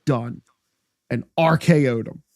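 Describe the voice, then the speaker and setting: A podcast co-host recapping in blunt, lively casual chat. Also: medium pitch, takes it slowly.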